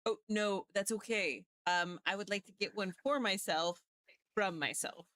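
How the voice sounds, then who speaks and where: A woman's voice: mid-range voice, unhurried, fairly bright tone, dry recording. Playful woman tabletop player. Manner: playful, laughs often. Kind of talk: playing a tabletop game.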